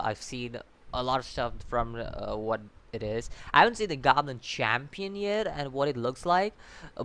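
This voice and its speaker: Guy rambling through a casual review, laughing and swearing, smooth clear voice. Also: medium pitch, pushed and bright. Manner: rambling, laughing often, swearing, restarts sentences. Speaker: anime reviewer, channel host.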